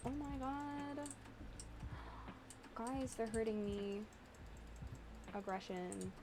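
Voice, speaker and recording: A woman's voice: a little high, steady tone, takes it slowly, vocal fry, pauses often, background noise. A young woman from the US Midwest chatting casually and giggling with viewers on a live stream. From Illinois, US Midwest.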